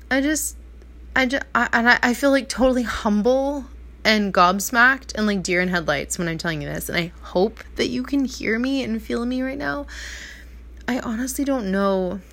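A woman's voice: on the high side, a bit bright. A woman in her thirties talking through a heartfelt, rambling personal monologue at home, full of restarts and "like". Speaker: vlogger. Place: apartment at night.

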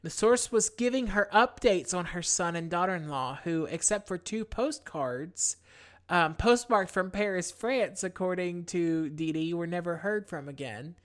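A young woman hosting a podcast, recapping a true-crime story in a relaxed, chatty way with many fillers. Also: on the low side, a little slow. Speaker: podcast host.

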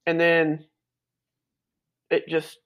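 This man's voice sits on the high side and is fairly bright, delivered in a monotone with drawn-out words. Chatting casually on a podcast, he laughs as he tells loose stories, sprinkling in some swearing.

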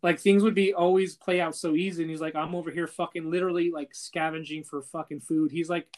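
Young man, slightly high pitch, casual retelling, loose, profane, filler-heavy. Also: little pitch movement, fast, darkish tone. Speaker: storyteller. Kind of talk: casual chat, retelling a story to a friend.

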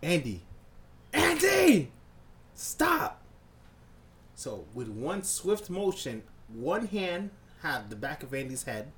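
Male podcast co-host, animated storyteller with a lively pitch, swears freely, faint noise behind. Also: unhurried, hardly any pauses. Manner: animated, profane, acts out scenes with sound effects. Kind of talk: casual storytelling chat.

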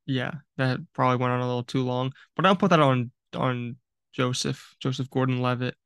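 A young man on a casual podcast with a smooth, fairly flat delivery. The sound is dry and close, and he chats in an easygoing way, cracking jokes. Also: medium pitch, brisk, no echo. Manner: easygoing, apologetic asides, joking. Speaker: podcast co-host. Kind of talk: casual chat.

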